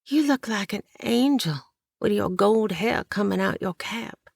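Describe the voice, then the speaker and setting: A woman's voice: medium pitch, measured pace, gravelly, no room sound, clean studio sound, pitched above the performer's own voice. A woman voicing a young, sleepy orphan girl with folksy country speech. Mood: awed.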